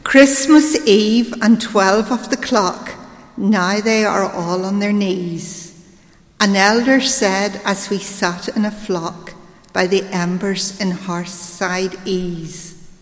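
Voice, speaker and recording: Slow-spoken Belfast woman reading poetry. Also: medium pitch, fairly even intonation. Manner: measured, unhurried delivery. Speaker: poetry reader. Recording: long reverb.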